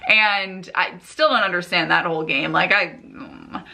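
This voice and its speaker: A woman's voice: fairly low pitch, measured pace, creaky, bright, forceful tone. Chatty American woman. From United States. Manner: chatty, uses "like" often. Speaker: vlogger, former teacher. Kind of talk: casual vlog talk.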